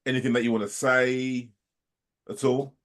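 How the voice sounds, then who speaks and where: A man's voice: mid-range voice, level tone, moderate pace, a bit bright. A man running a final course session, losing his voice, checking in with students in a friendly way and repeating his praise. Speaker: course organizer. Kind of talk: casual check-in.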